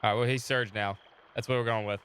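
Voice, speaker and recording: Bright-voiced man streaming and narrating a game. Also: medium pitch, fairly even intonation, quick pace, slight background noise. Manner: chatty, talks to chat between readings, laughs often. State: sore throat, recovering from illness. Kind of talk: casual live-stream chat and reading game text aloud.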